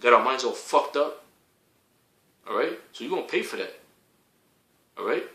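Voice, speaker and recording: A man delivering a heated, profane preaching rant, repeating himself and rising to shouts. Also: mid-range voice, sing-song, moderate pace, roomy sound, rough recording.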